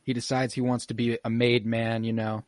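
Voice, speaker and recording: A man's voice: mid-range voice, flat delivery, brisk, darkish tone, no room sound, clean studio sound. A man hosting a casual podcast, recapping an episode in a loose, profane, laughing way. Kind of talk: casual chat.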